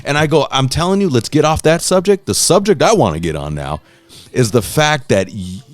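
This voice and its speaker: This is a man in a loose podcast conversation who gets wrapped up in his own stories. His voice leaps around in pitch as he acts out the lines of the people in them. He swears freely and calls his listener bro. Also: a little fast, dry recording, soft background music. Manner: animated storyteller, acts out quotes in a raised voice. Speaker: podcast host. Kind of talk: casual chat.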